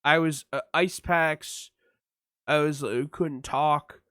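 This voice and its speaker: A smooth, slow voice on the high side comes through at studio quality with no echo. The man, co-hosting a podcast with a mouth numb from dental work, tells an animated story in casual chat, acting out voices and swearing a lot.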